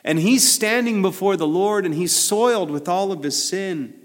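A man preaching a sermon in a conversational way, building to emphatic peaks and then dropping low and quiet. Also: normal speed, long reverb tail. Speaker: pastor.

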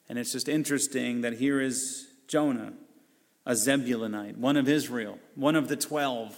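A man's voice: medium pitch, in a large hall. A pastor preaching a sermon in an earnest, conversational way, often restarting his phrases.

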